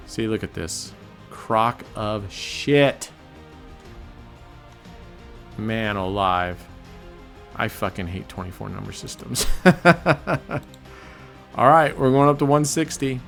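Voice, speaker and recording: A man hosting live casino gameplay commentary, excitable and cursing, grumbling at the dealer as he works out his bets. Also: medium pitch, normal speed, faint music behind. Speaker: channel host.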